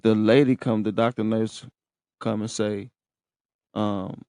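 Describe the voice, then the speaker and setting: A low-pitched man with a gravelly, creaky voice tells a story on his podcast. His talk is slangy and profane, and he keeps checking in with his listeners. The sound is dry and close. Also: level tone, slow pace, mellow, no echo. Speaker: podcast host. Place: room in a rehab center.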